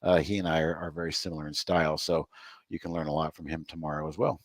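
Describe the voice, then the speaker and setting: A man with a very low voice hosting a live trading room in a relaxed, chatty way, with light laughs between remarks. His voice is recorded close and dry, with no room sound. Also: fast talker, dry recording. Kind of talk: casual live market commentary.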